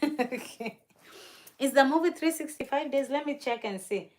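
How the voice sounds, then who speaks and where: A young woman from Kenya runs a relaxed livestream, her high-pitched, darkish voice moving at a moderate pace. She gushes about destinations she hopes to see, laughs frequently, and reads out and answers what viewers write.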